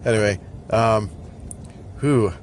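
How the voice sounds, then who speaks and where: A man's voice: lowish voice, slow, slight background noise. A man hosting a casual podcast, talking while he drives, in a scattered, joking, self-deprecating way. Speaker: podcast host. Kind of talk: casual rambling monologue. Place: in a car in traffic.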